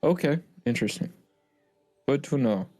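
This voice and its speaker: A man's voice: medium pitch, lively intonation, moderate pace, darkish tone, no room sound, faint music behind. A man playing a tabletop game, speaking in a hesitant, thoughtful way. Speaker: player.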